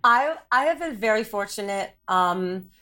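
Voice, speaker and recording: A woman's voice: mid-range voice, lively intonation, a little slow, bright, forceful tone. A woman guest in a casual podcast interview, rambling and self-deprecating with frequent laughter. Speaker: podcast guest, drag performer.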